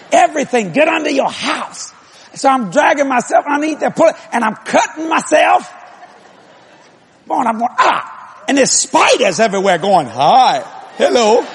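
A male preacher telling a comic story in his sermon, animated and acting out every voice, with an audience behind him. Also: extremely high pitch, gravelly, husky. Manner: animated, acts out every voice, hollers.

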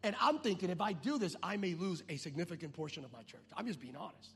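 Brief: male pastor, high husky voice, lively storytelling sermon in a big reverberant hall. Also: quick pace. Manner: animated, acts out dialogue in voices. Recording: long reverb of a large hall.

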